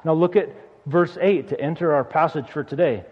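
Male preacher, high pitch, earnest exhortation full of repeated phrases; dull, reverberant hall recording. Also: normal speed, slightly rough. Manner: earnest, repeats phrases for emphasis, rises when urging. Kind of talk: sermon.

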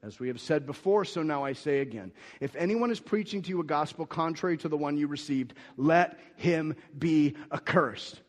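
Pastor, male, fairly high voice, emphatic sermon delivery, lots of restarts, long reverb of a church hall. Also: moderate pace, hardly any pauses. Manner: emphatic, rises and gets louder when quoting scripture; frequent restarts and repeated words.

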